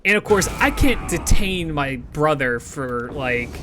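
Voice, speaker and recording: A man's voice: fairly high pitch, expressive, a little slow, music in the background. A man streaming a game while telling a story in a rambling, profane way, full of restarts. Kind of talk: casual storytelling while gaming.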